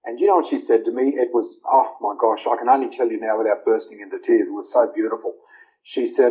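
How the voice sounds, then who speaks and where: A man's voice: mid-range voice, steady tone, fast talker, mellow. A middle-aged man, telling his personal story in an interview, emotional and rambling with fillers. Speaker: interview guest. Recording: dull lo-fi audio.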